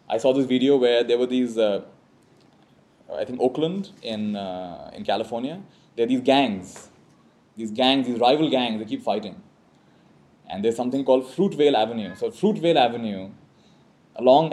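A man with a mellow, warm tone teaches a live audience in a reflective spiritual talk. He leads call-and-response phrases and keeps checking in with a quick "right?". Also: medium pitch.

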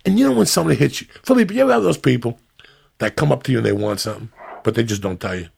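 Gravelly, husky man ranting on a podcast. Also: mid-range voice, rapid-fire. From New Jersey. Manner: profane, animated storytelling with ranting asides. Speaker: podcast host. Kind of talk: casual podcast banter.

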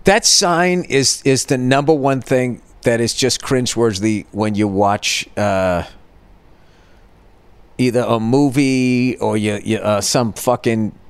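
A man's voice: mid-range voice, slow pace, smooth, dry recording. A man in his fifties hosting a podcast, telling a rambling, profane comedic story with lots of restarts. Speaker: podcast host.

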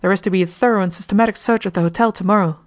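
A woman voicing a shrewd, calm male millionaire hotel owner, speaking in a quiet, deliberate way. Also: medium pitch, close to an everyday voice. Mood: cool.

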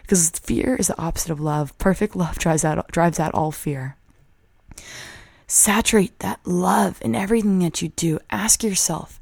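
A woman hosting a motivational podcast, earnest and upbeat, often repeating words as she gets excited. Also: fairly low pitch, measured pace, gravelly, dry recording. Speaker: podcast host.

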